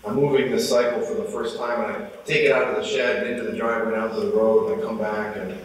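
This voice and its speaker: A man in his forties giving a motivational speech, telling a personal story and getting more animated as he goes. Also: lowish voice, fast, a little hiss or hum. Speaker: motivational speaker. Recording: echoey hall, from far off.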